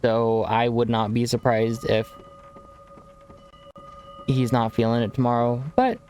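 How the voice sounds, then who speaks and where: A man's voice: medium pitch, a little slow, darkish tone, a little hiss or hum. A young man chatting casually to viewers on a game stream, laid-back and rambling, calling people bro. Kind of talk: casual live-stream chat while gaming.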